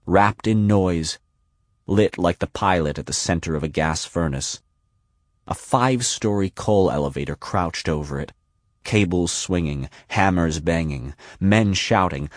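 Homme à la voix très grave, narration littéraire posée, son sec et proche. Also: male voice, low-pitched, no echo, studio quality. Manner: measured, unhurried and deliberate. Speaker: audiobook narrator. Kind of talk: scripted literary narration.

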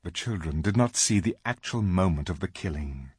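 A man narrating a children's storybook aloud, slow and dramatic in his reading. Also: low voice, expressive, darkish tone, breathy edge, no echo, studio quality. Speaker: audiobook reader.

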